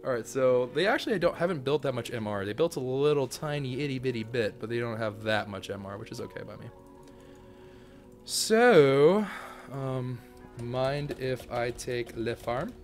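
An excitable man chatting through his gameplay in a casual, joking way, his pitch leaping all over the place. He keeps breaking into high yelps and shouts. Faint game music plays underneath. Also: normal speed. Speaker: gaming channel host.

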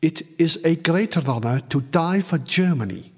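A man doing a quiet, resigned young spy. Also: on the high side, moderate pace, breathy edge. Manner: calm and subdued. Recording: long reverb.

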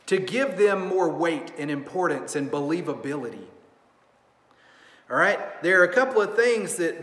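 Dad-age pastor guy preaching loose and chatty, kinda high voice, big echoey church hall. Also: a bit bright. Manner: conversational preaching with many restarts and "all right?" asides. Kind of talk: sermon. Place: church sanctuary.

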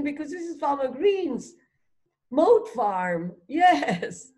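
A woman reading a phonics storybook aloud as a teacher, slowly sounding out words, asking questions and praising a child. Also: high voice, very animated, dark tone. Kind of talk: slow read-aloud lesson for a child.

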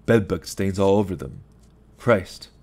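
A man's voice: deep voice, animated, measured pace, darkish tone. A man doing a ranting, bitter lawyer. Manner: agitated, swearing, self-pitying rants. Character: bitter drunk-sounding male lawyer, ranting.

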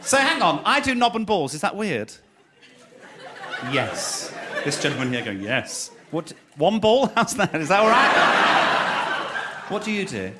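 A man's voice: high-pitched, very animated, slow pace, pauses often. A male stand-up comedian teasing the crowd on stage through a handheld mic, cheeky, swinging between shrieks and mutters. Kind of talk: live stand-up with crowd work. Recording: noisy live club recording.

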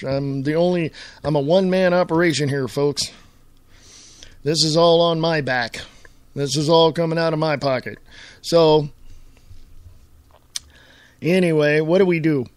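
A man hosting his own talk radio show, chatting in a rambling, casual way and clearing his throat often. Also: on the high side, no echo.

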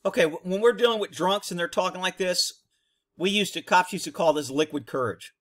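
A former police officer talks over footage, blunt and profane, mixing commentary with his own war stories. His voice sits a little high for a man. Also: fairly quick, a bit bright. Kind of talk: casual video commentary.

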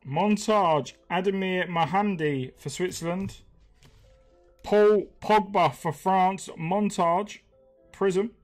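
A man's voice: sits high, slow pace, faint music behind, poor audio. A British man hosting a live stream, chatting casually, reading names aloud and chuckling often. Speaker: host.

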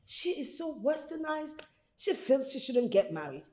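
A woman's voice: sits high, big pitch swings, measured pace, darkish tone. An actress playing a theatrical African mother who nags young women about getting married. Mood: nagging. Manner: theatrical, wailing and laughing, nagging. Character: pushy dramatic African mother, older woman.

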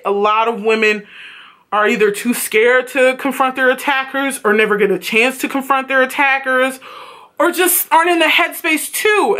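A woman talks through a TV episode for her vlog in a casual, blunt way, swearing freely. Her voice sits a bit high and has a bright, sharp edge. Her flat tone can come across as sarcastic even when she means it. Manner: blunt and profane, animated retelling. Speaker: TV episode reviewer.

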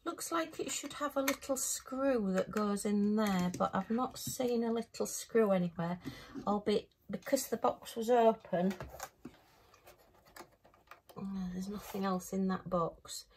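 A woman talking her way through an unboxing in an easy, homely way. Her pitch sits mid-range for a woman. She keeps up a running commentary of thoughts and small delighted exclamations. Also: a little slow, a little hiss or hum. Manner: chatty, thinking aloud with bright little exclamations. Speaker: craft vlogger. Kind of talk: casual unboxing chat.

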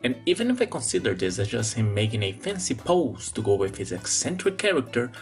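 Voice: mid-range voice, fairly quick, faint music behind. A movie reviewer talking through a film with sarcastic commentary. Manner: sarcastic, animated.

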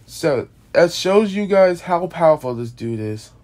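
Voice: medium pitch, expressive, measured pace, a little mellow. A casual video creator explaining an original monster character, rambling with many restarts and casual swearing, sounding tired. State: tired, yawning.

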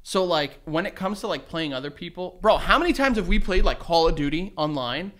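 A man's voice: fairly high pitch, brisk. A man co-hosting a casual podcast chat, telling stories with lots of acted-out quotes and laughter. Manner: animated storytelling, acts out quotes, laughs often. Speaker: podcast co-host.

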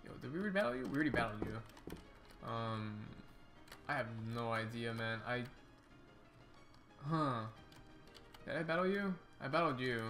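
Young man, let's-play commentary, excitable, rambling, faint game music behind. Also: medium pitch, a little slow, pauses often. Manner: excitable, rambling, restarts often. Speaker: YouTube gaming host.

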